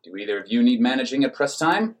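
A man voicing a beaming, overeager male factory floor manager in a comic story, with loud, high-pitched outbursts. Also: expressive, fast talker, natural voice. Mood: cheerful.

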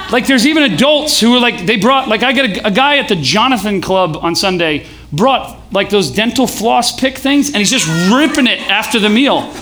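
A young man preaching casually to a live audience, joking and leading call-and-response chants. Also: very high-pitched. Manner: casual, joking, building to shouts. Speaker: pastor. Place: event hall with live audience.

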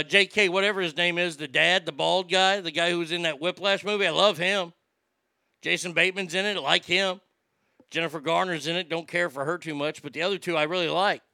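Gravelly, bright-voiced man ranting on stage. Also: sits high, no echo. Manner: profane, rambling rant. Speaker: comedian. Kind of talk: stand-up comedy.

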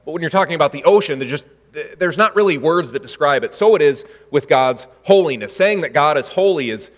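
A man's voice: a little high, animated, fairly quick, in a large hall. A man preaching a sermon in a conversational way, with frequent fillers and restarts. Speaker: pastor.

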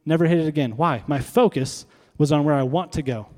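A man preaches a sermon as a pastor in an echoing hall, his voice slightly high and darkish, his pace a little fast. He talks conversationally and asks his congregation rhetorical questions.

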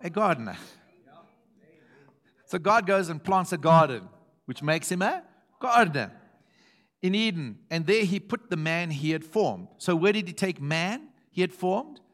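A man's voice: high-pitched, expressive, measured pace, long pauses, fairly bright tone. A man preaching a sermon to his congregation, reading scripture aloud and joking along the way. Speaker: pastor.

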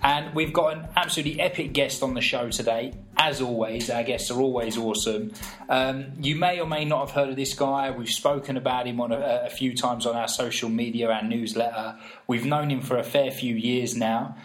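A man's voice: mid-range voice, fairly even intonation, moderate pace. A man hosting a podcast, chatty and enthusiastic as he introduces his guest. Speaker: podcast host.

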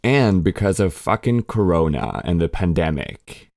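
A man's voice: low-pitched, expressive, a little slow, vocal fry, a little mellow, no room sound, clean studio sound. A man in his twenties from Sweden with a learned American accent, hosting a casual solo podcast, chatty and candid, swearing casually and laughing at himself. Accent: American English learned by a Swedish speaker. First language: Swedish. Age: 20s. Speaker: podcast host.

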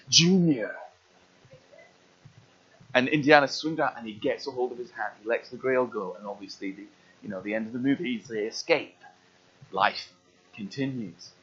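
A man preaching a sermon, telling a story in an animated way and acting out its scenes. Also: medium pitch, slightly rough, dull audio. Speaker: pastor.

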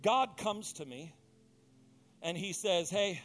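A man's voice: high-pitched, moderate pace, fairly bright tone, soft background music. A male pastor preaching a passionate sermon, mixing conversational asides with emphatic, rising peaks.

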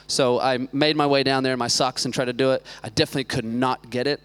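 A man in his thirties preaching a relaxed sermon, full of quips and side jokes. His voice is smooth and clear, at a middle pitch for a man. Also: fast talker, hardly any pauses. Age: 30s. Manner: joking, chatty asides. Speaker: youth pastor. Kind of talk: casual sermon.

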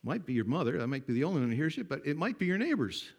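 An older man preaching a sermon, telling folksy stories that swing from hushed to loud. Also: fairly high pitch, very animated, very fast, vocal fry, husky.

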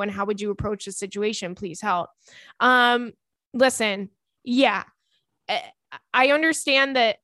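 A young woman hosting a casual advice podcast, chatty and animated, often laughing while she reads listener emails aloud. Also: a little high, no echo, clean studio sound. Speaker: podcast host giving advice.

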